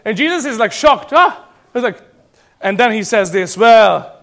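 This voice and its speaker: A man from Serbia preaching a sermon as pastor, animated and emphatic, often restarting his phrases. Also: high voice, normal speed.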